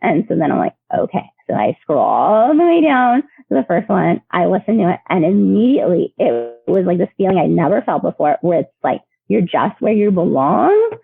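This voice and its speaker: A woman guest sharing personal stories in a lively, chatty way, with many fillers and laughs, heard over a remote call. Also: fairly low pitch, normal speed, gravelly, husky, dry recording. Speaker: podcast guest. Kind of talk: emotional storytelling. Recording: tinny phone line.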